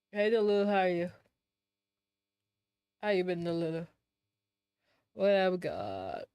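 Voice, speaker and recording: A woman's voice: on the low side, sing-song, slow pace, long pauses, a little mellow, clean tone. A woman live-streaming, chatting casually and playfully with her chat in a slangy, teasing way, sounding sleepy. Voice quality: sings snatches of songs between chatter.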